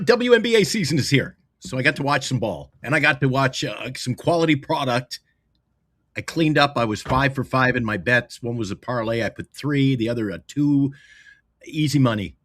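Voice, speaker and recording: Man, fan sports talk co-host, sarcastic, joking, lively pitch, dry sound. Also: no echo. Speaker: podcast co-host.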